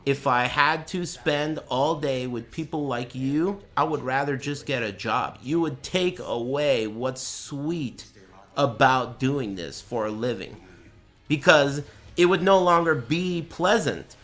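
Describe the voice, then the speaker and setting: A man's voice: medium pitch, takes it slowly, fairly bright tone. A man streaming, ranting and joking at length to his chat in a casual, profane, mocking way while watching a tournament. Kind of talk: casual livestream rant.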